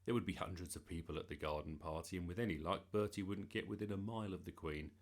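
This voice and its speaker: Man reading a kids' story, low and gravelly, very animated. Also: fast. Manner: lively, expressive. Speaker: narrator.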